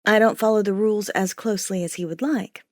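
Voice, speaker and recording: A woman narrating a first-person audiobook in a wry, expressive storytelling manner. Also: mid-range voice, a little fast, no echo, studio quality.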